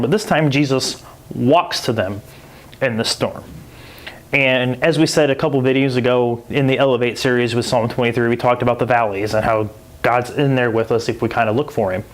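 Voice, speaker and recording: Animated man teaching a casual Bible talk. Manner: animated storytelling, acting out quoted voices in a jumpy high pitch; loose and conversational, with many 'like' and 'kinda'. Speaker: podcast host.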